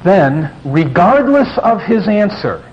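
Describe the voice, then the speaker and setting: A man's voice: sits high, sing-song, slow pace, soft background music. A man, a pastor, teaching a class how to start conversations about faith, acting out sample dialogues in a conversational way. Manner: conversational, acts out sample dialogues with rising emphasis. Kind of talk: lecture to a class. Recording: dull lo-fi recording with faint noise.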